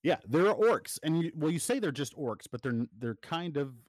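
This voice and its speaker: His voice sits on the high side yet has a darkish tone, expressive and at normal speed, as he co-hosts a podcast in casual chat. He rambles with frequent fillers and restarts, recorded cleanly in a studio with no room sound.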